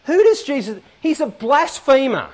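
A man voicing a skeptical, indignant religious leader, muttering accusations in a raised pitch. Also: big pitch swings, normal speed, a little mellow.

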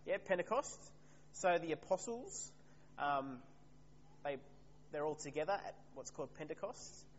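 A man's voice: on the high side, lively intonation, unhurried. Man preaching in an echoing hall. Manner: conversational, asks the congregation questions. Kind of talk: sermon. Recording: reverberant hall, slightly dull, faint hum.

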